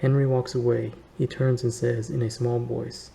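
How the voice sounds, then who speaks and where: A man reading a historical novel aloud in a measured way, lightly voicing the characters, with faint background noise. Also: medium pitch, flat delivery, gravelly, warm tone, poor audio. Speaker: reader.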